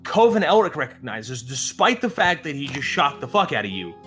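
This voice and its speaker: A man's voice: fairly high pitch, big pitch swings, fairly quick, a bit bright, faint music behind. A man narrating as game master of a tabletop role-playing game, describing the scene in a rambling, filler-heavy way and laughing often.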